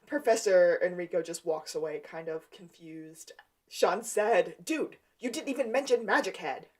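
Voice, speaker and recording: A woman co-hosting a rewatch podcast, walking through the plot in a relaxed, conversational way. She retells scenes by quoting the characters' lines as she goes. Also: lowish voice, moderate pace. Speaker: podcast co-host. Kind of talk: casual recap chat.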